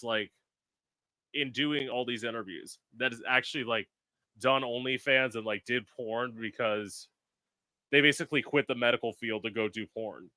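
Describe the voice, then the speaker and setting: Bright, blunt, animated podcast host man. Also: mid-range voice, dry recording, clean studio sound. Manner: blunt, profane and animated, acts out quotes. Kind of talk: casual podcast chat.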